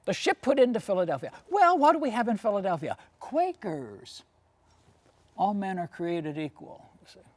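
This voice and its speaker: A woman's voice: medium pitch, sing-song, moderate pace. A woman lecturer and tour guide telling history as a story, posing questions to her audience and often adding "you see".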